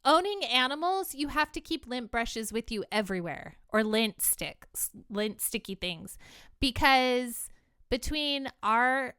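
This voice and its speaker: A woman's voice: a little high, lively intonation, slow, sharp tone, smooth, dry recording, studio quality. A woman co-hosting a podcast, talking casually and giving opinions in a rambling way with many restarts. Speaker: podcast co-host. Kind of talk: casual chat.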